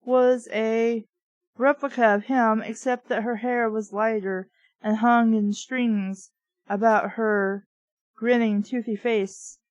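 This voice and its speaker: A woman's voice: on the high side, steady tone, slow pace, no echo, dull audio. A woman reviewing a book by reading it aloud, breaking off for wry, sarcastic asides. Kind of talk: reading aloud with comic commentary.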